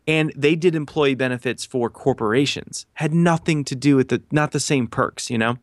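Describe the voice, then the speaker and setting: Animated storytelling man, dry sound. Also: mid-range voice, moderate pace, hardly any pauses, dry recording. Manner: animated, acts out quotes, many fillers. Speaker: podcast guest. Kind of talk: casual storytelling.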